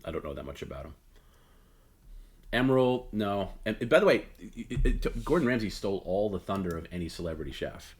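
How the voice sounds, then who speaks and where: A middle-aged man hosts a late-night solo talk stream, rambling, opinionated, and blunt, with many fillers and restarts. His voice is lowish, expressive, and brisk.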